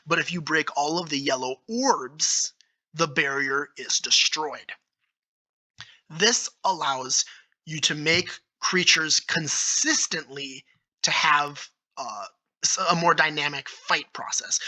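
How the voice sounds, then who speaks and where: Bright-voiced man explaining game rules. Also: on the high side, poor audio. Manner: enthusiastic, thinking aloud with fillers and restarts. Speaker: YouTube creator. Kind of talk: solo commentary on game rules.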